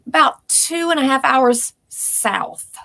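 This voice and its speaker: A woman's voice: sits high, animated, takes it slowly, vocal fry, bright, forceful tone. A Southern American woman in her forties, a nurse from Georgia, speaking frankly and at length as an interview guest.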